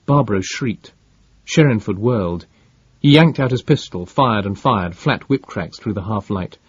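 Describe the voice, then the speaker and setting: A man reading an audiobook in a measured, dramatic narration. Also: on the low side, animated, breathy edge, dry recording, dull audio.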